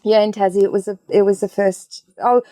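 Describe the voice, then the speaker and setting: A woman's voice: mid-range voice, little pitch movement, fairly quick, dark tone. A woman with an Australian accent, a regenerative farmer and author, chatting casually as a guest and joking as she talks. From Tasmania, Australia. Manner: jokey, laughing often. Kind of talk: casual chat.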